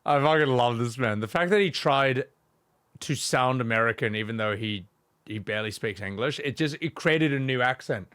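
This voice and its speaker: A man's voice: medium pitch, lively intonation, normal speed, fairly bright tone, clear, resonant tone, no room sound. A male streamer ranting casually, blunt and emphatic, swearing often. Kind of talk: casual rant while gaming.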